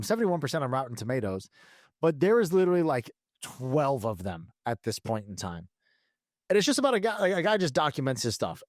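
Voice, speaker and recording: A man's voice: mid-range voice, dry recording, clean studio sound. A man in his thirties co-hosting a casual podcast, rambling and swearing with frequent restarts and laughs. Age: 30s. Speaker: podcast co-host. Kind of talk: casual chat.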